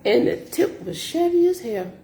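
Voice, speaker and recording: Lady vlogging about delivery customers, kinda gravelly, goes over the same points again and again. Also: fairly high pitch, normal speed, echoey room. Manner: animated, repetitive, exasperated retelling. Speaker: grocery delivery shopper. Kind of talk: casual storytelling vlog.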